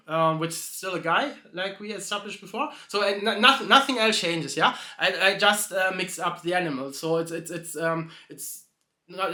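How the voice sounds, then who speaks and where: Rambling high-voiced man telling a joke. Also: bright, forceful tone, roomy sound. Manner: hesitant, self-correcting, many fillers and restarts. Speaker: video host telling a joke.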